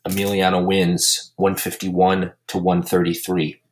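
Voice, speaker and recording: Low-voiced dude hosting a podcast, crude deadpan jokes, casual recap. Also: male voice, a little slow. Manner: crude joking, deadpan roasting. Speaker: podcast host and league commissioner.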